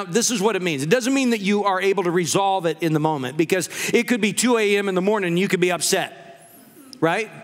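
A pastor delivers a humorous sermon to his congregation in a church sanctuary, his voice high for a man. He moves easily through jokes and personal stories in a conversational way, and his words ring out with the long reverb of the church hall.

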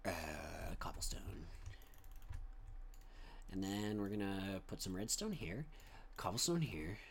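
A man's voice: low-pitched, animated, takes it slowly, vocal fry, a little hiss or hum. A young man casually commentating his own gameplay as a channel host, rambling and goofy, often trailing off into mumbles. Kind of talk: casual let's-play commentary.

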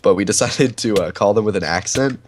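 A man with a stuffy nose giving casual gameplay commentary, excitable and often swearing and laughing. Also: on the low side, brisk, a little hiss or hum. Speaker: gaming channel host.

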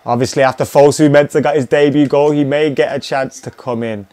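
A slightly fast, fairly evenly intoned voice on the high side belongs to a young man, a little mellow in quality. He's casually commentating while playing a video game live, cheering and swearing at the action.

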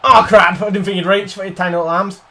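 High, animated gamer. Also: male voice, quick pace. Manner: animated, swearing, cheering players on. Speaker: gaming commentator. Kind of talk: excited let's-play commentary.

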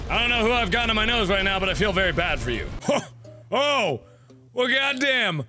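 A man giving goofy, excitable gameplay commentary with frequent exclamations and swearing. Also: high-pitched, moderate pace, over music.

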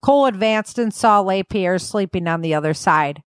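Brief: woman author narrating her fiction, measured, dry close sound. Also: mid-range voice, clean tone, no room sound. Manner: even, measured reading. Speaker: author and host. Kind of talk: scripted audiobook narration.

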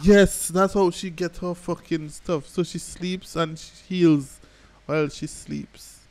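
A man hosting an anime reaction, swearing freely and breaking into shouts and laughter between calmer remarks. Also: on the high side, slow pace. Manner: excitable, profane, bursts into shouts and laughter. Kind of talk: live reaction commentary. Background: faint anime soundtrack playing.

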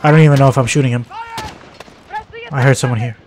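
A man giving live commentary as he plays a shooter game, swinging between shouting at enemies and muttering to himself. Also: medium pitch, fast, slight background noise. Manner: excitable, yelps and shouts at enemies, then mutters. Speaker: gaming channel host.

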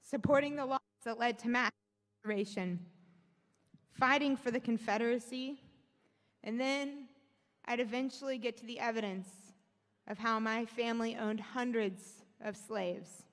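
Speaking at a normal pace with fairly even intonation, a young adult woman from Alabama, a policy analyst, gives a candid talk in a large, echoey hall before an audience. Her voice is on the high side, and she moves from humor to earnestness.

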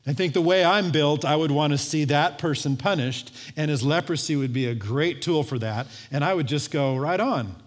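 A man preaching a sermon as pastor, telling a story in a lively way and acting out the voices of its people. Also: on the high side, moderate pace, hardly any pauses. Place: church sanctuary. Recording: long church hall reverb.

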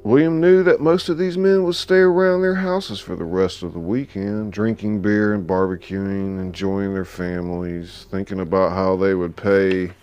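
A man's voice: lowish voice, steady tone, normal speed, hardly any pauses, a little mellow, clean tone. A man narrating a story in a dramatic, emphatic audiobook style. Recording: faint background music.

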